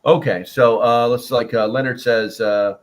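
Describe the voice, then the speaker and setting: A man's voice: mid-range voice, fairly even intonation, unhurried. A man hosting a casual livestream chat, rambling and joking, with lots of fillers and restarts as he reads out the chat. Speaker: prepper livestream host.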